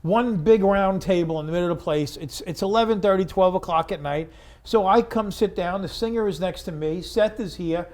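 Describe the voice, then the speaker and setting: A man from Long Island, a guest comedian telling an anecdote in an animated way. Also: high-pitched, a little fast. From Long Island, New York. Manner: animated, acts out other people's lines. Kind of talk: storytelling anecdote.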